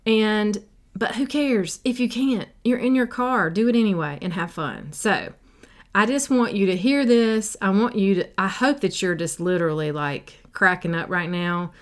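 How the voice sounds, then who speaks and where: A woman's voice: mid-range voice, moderate pace. A woman, hosting a casual solo podcast in a chatty, silly and sassy way. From South Carolina, USA. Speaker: podcast host and life coach. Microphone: podcast microphone.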